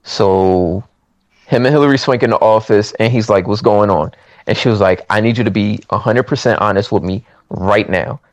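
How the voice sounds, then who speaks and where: A movie recap podcaster chats casually, retelling a film's plot with animated storytelling and acting out the characters' lines. His voice is lowish, at a normal speed, with no room sound.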